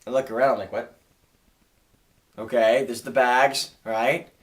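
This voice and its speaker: A man's voice: medium pitch, flat delivery, moderate pace. A man in his room telling a funny story in a chatty way, restarting his sentences as he goes. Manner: chatty, restarts sentences, acts out the other voices. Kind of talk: casual storytelling.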